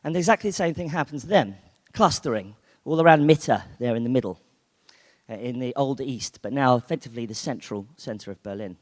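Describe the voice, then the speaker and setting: With an expressive, brisk, mid-range voice, a British man speaks at a conference keynote in a loose, chatty way, full of fillers and restarted sentences. Long reverb from the conference hall fills the recording.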